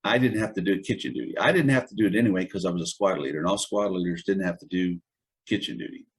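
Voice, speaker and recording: This interview features a former Army man in his 70s who chuckles wryly as he casually recounts stories from long ago. He talks fast in a low, slightly rough voice.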